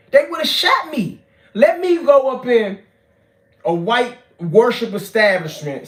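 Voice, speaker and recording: A man, telling street stories. He is loud and profane, jumping from shouting to low muttering. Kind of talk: animated street storytelling.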